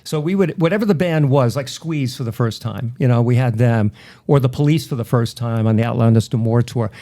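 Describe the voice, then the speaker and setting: A middle-aged man from Long Island, a radio personality telling animated stories in a casual interview and acting out the voices of people he quotes. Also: mid-range voice, fairly quick. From Long Island, New York.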